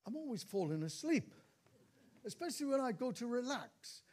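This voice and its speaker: Older male preacher, high voice, dramatic storytelling sermon, repeats lines for effect. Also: big pitch swings, normal speed, a little mellow.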